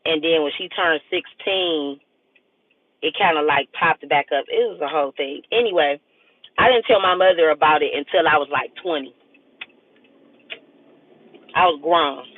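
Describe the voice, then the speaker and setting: A woman in her forties talks quietly and haltingly from behind the wheel of a car. Her voice comes through thin and tinny, like a phone line. Her tone is soft and reflective, and she often pauses and starts over. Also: deep voice, no echo. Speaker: vlogger. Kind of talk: casual storytime chat. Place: car while driving.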